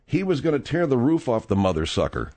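A middle-aged man hosting a talk-radio show, rambling in a casual, animated way with plenty of fillers. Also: mid-range voice, brisk.

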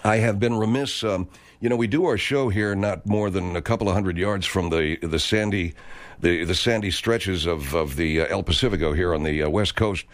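A man's voice: deep voice, normal speed. A man hosting a comedic radio talk show, rambling and stammering through digressions in a studio.

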